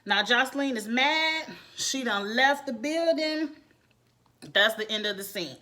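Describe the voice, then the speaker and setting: A woman giving a casual, animated reality TV review, laughing often as she talks. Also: fairly high pitch, a little slow. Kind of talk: casual commentary.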